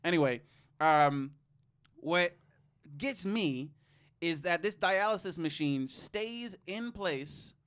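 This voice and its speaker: A man's voice: fairly high pitch, expressive, slow pace, fairly bright tone, clear, resonant tone. A man co-hosting a podcast, giving a casual, sarcastic movie review with plenty of swearing and laughter. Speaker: podcast co-host.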